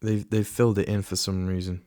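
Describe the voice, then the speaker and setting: A man's voice: sits low, flat delivery, a little fast, warm tone, clear, resonant tone, no room sound, clean studio sound. A man hosting a solo podcast in a casual, rambling way, often restarting and trailing off into asides. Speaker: podcast host.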